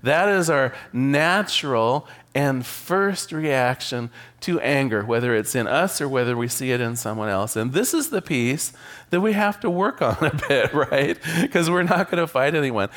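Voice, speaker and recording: Lively joking minister. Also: male voice, medium pitch, a little slow. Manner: conversational, joking. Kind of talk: sermon.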